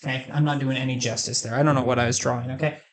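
A man's voice: medium pitch, fairly even intonation, racing. Rambling, sarcastic comic guy. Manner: joking, sarcastic, loose and rambling. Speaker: comedic host.

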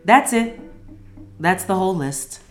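A woman's voice: mid-range voice, expressive, measured pace, faint music behind. Casual slangy woman reviewing a book. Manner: casual, enthusiastic, profane slang.

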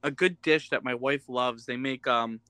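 A man's voice: medium pitch, steady tone, moderate pace, sharp tone. A man in his twenties chatting on a podcast in a playful, good-natured way. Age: 20s. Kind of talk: casual chat.

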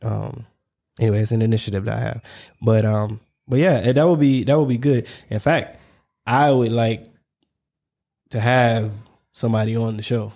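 A man's voice: medium pitch, moderate pace, gravelly, long pauses, darkish tone. A man co-hosting a casual podcast discussion, talking emphatically and repeating his points to drive them home. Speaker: podcast co-host.

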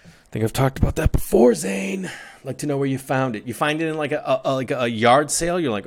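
With a creaky, medium-pitched voice and a fast pace, this golf podcast host ribs his callers. The conversation is casual, joking and loose.

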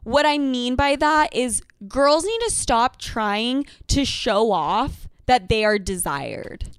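A young woman co-host with a fairly high, smooth and clear voice, talking in casual chat. She is opinionated and gets worked up fast. The mic is close, with a dry sound. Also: lively intonation, no room sound. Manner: opinionated, heated, reads ad copy. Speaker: podcast co-host.

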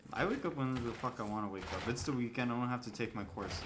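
A man's voice: medium pitch, background noise. A young man in casual, profane chat, joking while doing a puzzle with a dog nearby. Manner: profane, joking, quick swearing banter. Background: dog in the room.

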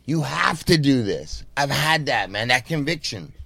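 Gravelly, teasing male podcast co-host. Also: mid-range voice, animated, measured pace, bright, forceful tone, dry recording. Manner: teasing, egging others on. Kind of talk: casual banter.

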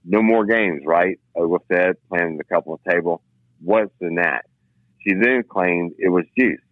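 A man's voice: sits low, fairly even intonation, moderate pace, dry recording. A man, a former police officer co-hosting a crime news show, reading a story aloud and then telling blunt personal stories in casual chat. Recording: tinny phone-like line, dry.

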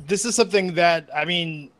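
Male co-host, higher pitch, halting casual delivery. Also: fairly bright tone. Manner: hesitant, many ums and uhs. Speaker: podcast co-host. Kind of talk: casual wrestling chat.

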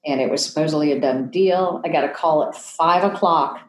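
A woman in her fifties, a television personality telling an emotional story in a podcast interview, animated and acting out the voices she quotes. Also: low-pitched, fairly quick, roomy sound, poor audio. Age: 50s.

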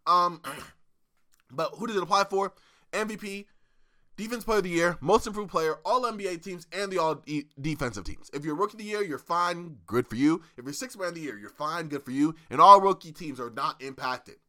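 A man's voice: a little high, animated, fairly quick, bright, forceful tone, no room sound, studio quality. A young man hosting a casual sports podcast, talking loosely with many fillers and restarts. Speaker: podcast host.

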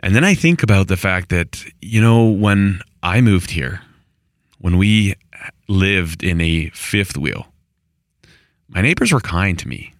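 A man's voice: sits low, animated, takes it slowly, no echo, studio quality. A middle-aged man talking to camera in a rambling, conversational monologue, with restarts and exasperated asides. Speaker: vlogger on rural homestead life. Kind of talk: casual monologue.

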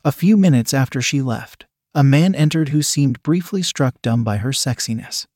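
A man narrating an adult story in an even, steady reading voice. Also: medium pitch, normal speed, breathy edge, no room sound, studio quality.

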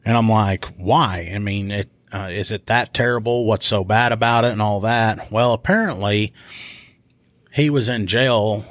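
A man, a police officer and podcast host, telling a casual story about an arrest, animated and swearing freely as he acts out voices. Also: on the low side, a little slow, no room sound.

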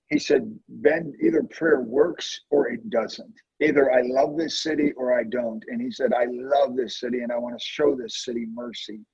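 A man earnestly telling an emotional story of prayer in a conversation, with lively swings in his voice. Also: vocal fry, breathy edge, dry recording, dull audio. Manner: earnest, emotional testimony with animated swings in pitch. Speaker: guest, prayer ministry leader.

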